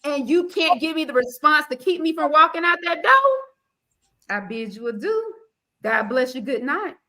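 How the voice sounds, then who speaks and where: Sassy woman host, high bright voice, aave, fired up and preachy. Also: moderate pace. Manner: animated, sassy, preachy asides. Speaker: podcast host. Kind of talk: casual panel chat.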